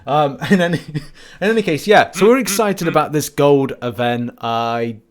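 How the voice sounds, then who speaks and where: A man's voice: fairly high pitch, measured pace. A man hosting a casual gaming podcast, rambling and laughing often as he talks. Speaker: podcast host.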